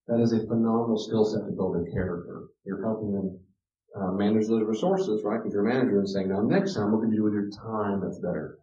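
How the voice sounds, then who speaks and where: A man's voice: fairly low pitch, dark tone. A man giving a teaching talk on parenting, emphatic and direct, repeating key words to his listeners. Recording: roomy, distant, dull lo-fi sound.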